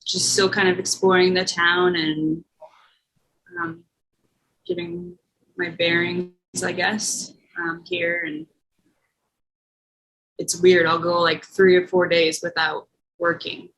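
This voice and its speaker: A woman telling a class about her work, speaking hesitantly with many pauses and "um"s. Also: lowish voice, fairly even intonation, a bit bright, slight background noise, poor audio. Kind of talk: casual chat.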